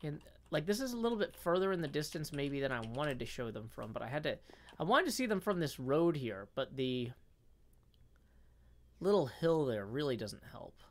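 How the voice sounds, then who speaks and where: A man's voice: fairly high pitch, very animated, normal speed. A man chatting casually on a live stream while he builds in a game, rambling and self-deprecating, upbeat when he greets viewers.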